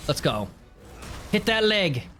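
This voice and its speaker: Male streamer, excitable live gameplay commentary, unhurried delivery with big swoops in pitch. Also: faint music behind. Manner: excitable, yells at the game.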